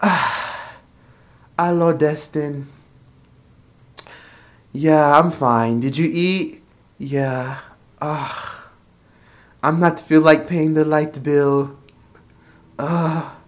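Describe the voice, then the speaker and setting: A man voicing a scolding, entitled middle-aged mother in a shrill, nagging manner. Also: extremely slow, pauses often. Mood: listless.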